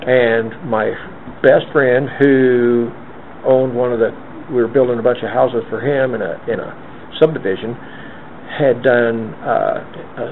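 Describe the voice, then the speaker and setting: Sex: man. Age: 50s. Role: interviewee. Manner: lively storyteller who acts out quotes. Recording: narrow phone-like sound with faint hiss. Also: mid-range voice, a little slow. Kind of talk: oral history storytelling.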